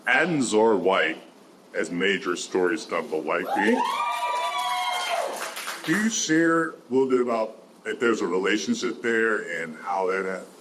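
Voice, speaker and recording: A man's voice: on the low side, sing-song, measured pace, long pauses, noisy background. A man in the audience at a bookstore event politely asking the author a question.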